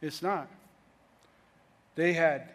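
A man's voice: a little high, very slow, fairly bright tone, in a large hall. A middle-aged man preaching a sermon in a loose, conversational way, often restarting his sentences. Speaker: pastor.

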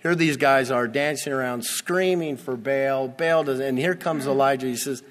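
A man's voice: medium pitch, moderate pace, hardly any pauses, in a large hall. A man preaching a sermon, reading scripture with emphatic, teasing asides. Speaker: pastor.

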